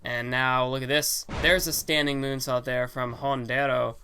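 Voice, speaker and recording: A man's voice: medium pitch, fairly even intonation, normal speed, bright, forceful tone, slight background noise. A young man giving casual, rambling commentary on a wrestling video game, full of fillers and self-corrections. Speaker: gaming channel host. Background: game music.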